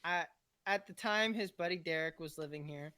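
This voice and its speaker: A man who is a guest friend on a casual podcast, telling a story in an animated way and loudly shouting out the lines he quotes. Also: on the high side, moderate pace, smooth, no room sound, studio quality.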